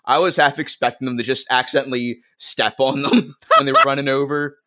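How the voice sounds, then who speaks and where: A man who is a guest on a comedy podcast, making wry, deadpan jokes. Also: medium pitch, fairly quick, noisy background. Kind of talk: casual comedic review chat.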